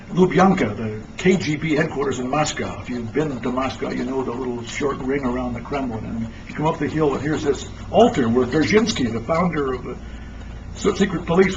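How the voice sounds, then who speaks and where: A man speaking as a lecturer, animated and emphatic as he tells stories. His voice is high for a man. The sound is muffled and distant, with faint noise. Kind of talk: lecture talk.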